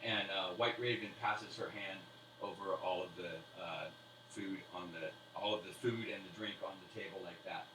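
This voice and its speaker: A man's voice: deep voice, fairly even intonation, moderate pace. A man narrating as game master, rambling with fillers and restarts. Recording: roomy, distant mic with faint hiss.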